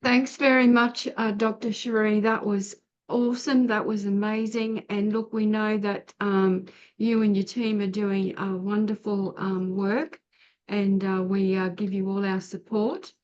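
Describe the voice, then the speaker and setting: A woman's voice: mid-range voice, little pitch movement, a little slow, a little mellow, lo-fi sound. A woman hosting an online seminar, introducing speakers in an effusive, hesitant way with many fillers. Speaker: seminar host. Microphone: video call.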